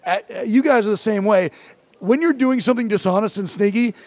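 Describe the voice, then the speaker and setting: A man's voice: sits high, brisk, a little mellow. A man in his thirties, a podcast host, telling a self-mocking comic story with acted-out quotes. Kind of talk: comedic storytelling chat.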